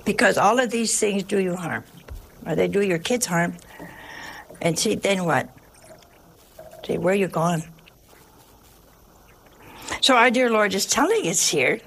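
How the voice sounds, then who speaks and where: A woman giving a folksy sermon, telling humorous stories and dropping to hushed asides for emphasis. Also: medium pitch, a little hiss or hum. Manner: humorous storytelling. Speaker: religious teacher.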